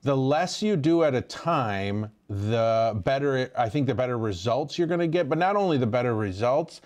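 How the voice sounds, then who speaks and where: A man's voice: medium pitch, animated, normal speed, a little mellow. A man co-hosting a live tech show, giving practical tips in a chatty way with lots of fillers. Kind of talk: live stream tech talk.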